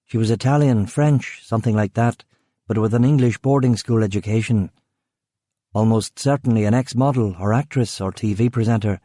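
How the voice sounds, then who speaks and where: A man reading a crime thriller audiobook in measured scripted narration. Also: lowish voice, warm tone, no echo, clean studio sound.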